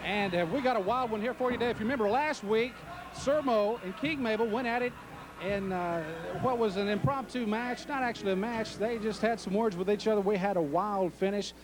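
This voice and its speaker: A man calling a wrestling match play-by-play, excited and joking. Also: sits high, brisk. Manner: excited, joking, shouts at big entrances. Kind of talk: play-by-play commentary.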